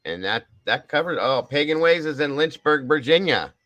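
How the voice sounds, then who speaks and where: A man's voice: a little high, lively intonation, moderate pace, hardly any pauses, no echo, low-quality recording. Guy hosting a livestream, chatty and upbeat, calling out viewers, cusses a bit, dry close sound. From Ohio. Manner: reads out viewer shoutouts, chatty; swears casually, upbeat. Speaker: livestream host. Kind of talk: casual livestream chat.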